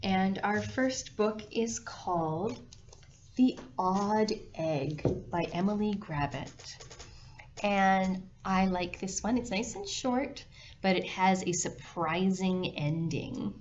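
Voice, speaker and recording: A woman librarian reads a picture book to little children at a slow, unhurried pace, gentle and animated with little gasps and sound effects. Her voice sits at an ordinary pitch. The recording is a bit dull and lo-fi, with faint noise behind her. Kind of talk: storytime picture-book reading.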